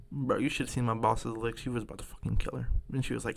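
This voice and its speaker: A man's voice: mid-range voice, flat delivery, fast, creaky, hardly any pauses, no room sound. A young man telling a sarcastic, profane comedy story about customers at his food service job.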